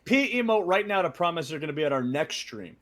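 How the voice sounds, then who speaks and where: Excitable man with a slightly high voice. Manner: excitable, swearing, quick to riff. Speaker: wrestler co-hosting a livestream. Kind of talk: casual livestream chat.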